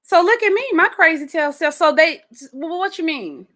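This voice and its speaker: Her voice very high and her pace moderate, a woman hosts a casual solo podcast. She speaks animatedly, addresses her listeners directly, and repeats words for emphasis.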